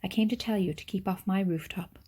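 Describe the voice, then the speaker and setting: A woman's voice: medium pitch, brisk, mellow, slightly rough, lightly acted. A woman voicing a wary, cold boy who speaks curtly and matter-of-factly. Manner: curt, matter-of-fact.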